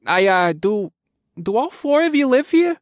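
A man's voice: a little high, expressive, a little fast, no room sound, studio quality, pitched above the performer's own voice, natural voice. A man voicing a nervous, apologetic male health inspector who stammers when flustered.

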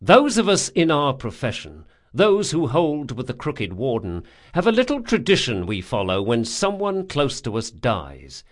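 Brash male thief, profane and quick to anger, read by a man in an audiobook, lively rising delivery. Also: mid-range voice. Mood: grim. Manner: swearing, urgent and emphatic.

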